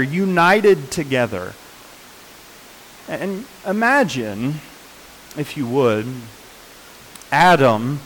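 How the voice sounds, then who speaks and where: A man preaching a sermon in an unhurried, earnest way, often pausing with fillers and restarting his sentences. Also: a little high, a little hiss or hum, rough recording.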